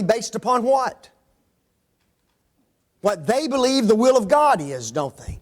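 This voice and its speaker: A man preaching an interactive Bible class, asking the room questions, repeating their answers and tagging his points with "okay?". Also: very high-pitched. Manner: often tags lines with "okay?" and "don't they?". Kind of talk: interactive Bible study sermon.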